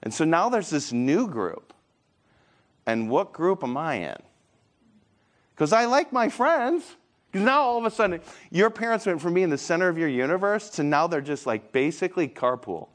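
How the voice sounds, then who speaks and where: Animated man giving a church seminar. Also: on the high side, normal speed. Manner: animated, acts out voices of kids and parents. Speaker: seminar speaker. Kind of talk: conversational seminar talk.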